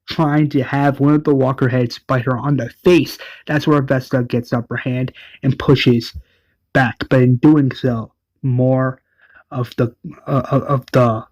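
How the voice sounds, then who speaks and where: Slow, rambling man recapping an episode. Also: mid-range voice, a little mellow, no room sound, poor audio. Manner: rambling, uses "like" and self-corrections. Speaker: show recap narrator. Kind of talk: casual retelling of an episode.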